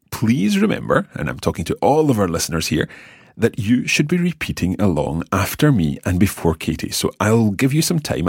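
A language lesson is taught by a man whose very deep voice has a slight huskiness and a lot of pitch movement. Patient in his explanations, he sounds out words one by one, slowly. The recording is close and dry, with no echo or room sound.

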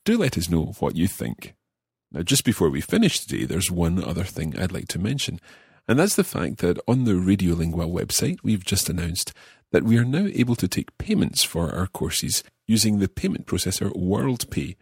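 A man hosting a language lesson podcast, speaking in a clear, friendly teacherly way. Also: deep voice, sing-song, normal speed, no echo, studio quality. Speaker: language course host.

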